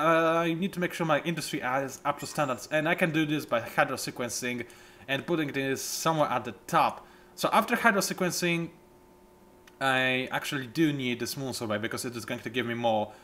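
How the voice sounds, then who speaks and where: A man casually commentating a strategy game he is playing, animated and self-mocking, with bursts of excitement. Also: mid-range voice. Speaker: let's play host.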